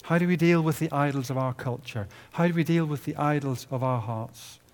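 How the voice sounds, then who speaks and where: A man preaching a sermon at a conference, building to loud emphatic peaks and dropping low and quiet at the ends of phrases. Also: fairly quick. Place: conference hall.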